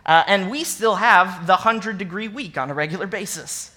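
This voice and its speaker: Brief: young male minister, bright forward voice, chatty animated sermon delivery with sarcastic asides. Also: high voice, moderate pace. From American Midwest. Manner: animated and conversational, acts out scripture with sarcastic emphasis. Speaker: associate minister.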